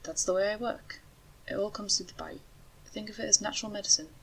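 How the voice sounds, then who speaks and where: A woman voicing a calm, wry male talking rattlesnake in a storybook reading, speaking in a matter-of-fact way. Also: medium pitch, brisk, vocal fry, husky, low-quality recording. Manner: matter-of-fact, dryly joking.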